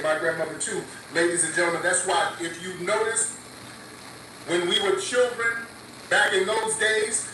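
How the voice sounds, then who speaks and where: An earnest man talks about spiritual things and keeps checking in with his listeners. He sounds distant in a very echoey room. Clear noise sits underneath. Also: high voice. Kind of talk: casual spiritual talk.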